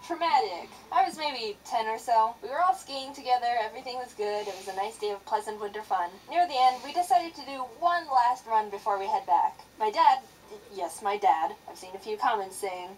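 A young woman animator telling a childhood story in a sarcastic, expressive narration. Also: on the high side, normal speed, recorded from a distance, a little hiss or hum, low-quality recording.

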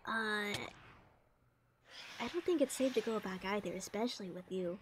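A woman's voice: mid-range voice, moderate pace, noisy background. A woman roleplaying her character on a game stream, flustered and self-mocking, often dropping into whispered asides.

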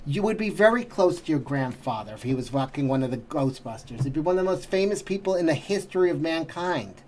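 A man's voice: on the high side, expressive, a little fast, darkish tone, slight background noise. Exasperated man ranting with heavy swearing. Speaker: trailer reaction host. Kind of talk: profane ranting commentary.

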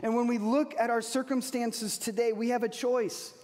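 A man preaching a sermon as pastor, earnest, slowing down to repeat key phrases. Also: extremely high pitch, fairly even intonation, a little mellow. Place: church hall. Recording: long reverb of a large hall.

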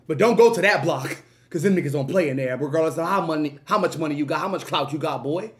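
A man hosting a music reaction from his room at home, excitable and crude, breaking into loud bursts and laughter. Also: fairly high pitch, fast talker. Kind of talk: animated reaction commentary.

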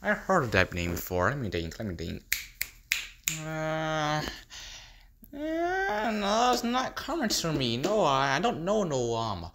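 A man's voice: a little high, big pitch swings, slow, background noise, heavily acted. Joker, a man doing a cackling, taunting clown villain. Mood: mocking. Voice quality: cackling laugh. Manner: taunting, sing-song, swings between whispers and squeals. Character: unhinged male clown villain, taunting and gleeful. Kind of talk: fan impression skit.

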